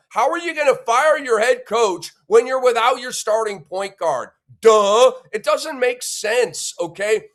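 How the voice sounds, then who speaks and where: A man's voice: sits high, fairly bright tone. A man hosting a sports podcast, giving an emphatic, opinionated rant and punctuating his points with a questioning "okay?". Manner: blunt and insulting toward critics.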